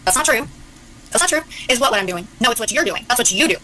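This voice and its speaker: A woman's voice: fairly high pitch, animated, fast talker, noisy background. A woman arguing defensively on a livestream, exasperated and filling gaps with "like" and "um". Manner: defensive, exasperated, lots of fillers. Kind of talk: heated livestream argument.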